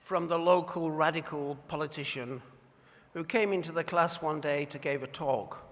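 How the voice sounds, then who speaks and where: A man's voice: fairly high pitch, normal speed. A man presenting an award at a dinner, telling wry anecdotes in an after-dinner speech, recorded in a large banquet hall. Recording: reverberant hall.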